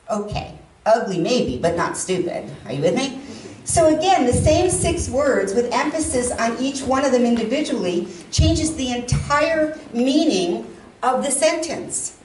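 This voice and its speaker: A woman giving a talk on stage, animated, and acting out quoted lines with emphasis. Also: a little high, normal speed, a little hiss or hum. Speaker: speaker. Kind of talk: public talk. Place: stage in a large hall. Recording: roomy hall sound from a distance, faint ambience.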